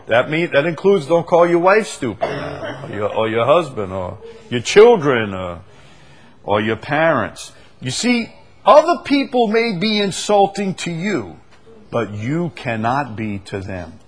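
Slow, animated man teaching a Bible study. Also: mid-range voice, a little hiss or hum. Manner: animated, stresses quoted verses slowly, laughs often.

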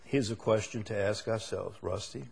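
A man's voice: fairly low pitch, moderate pace, vocal fry, a little mellow, breathy edge. A male preacher giving a sermon, asking the same question again and again and building to emphatic peaks.

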